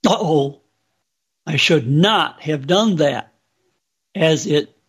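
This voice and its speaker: Slow gravelly man recounting a vision. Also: on the high side. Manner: slow, deliberate, solemn. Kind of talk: slow spoken testimony.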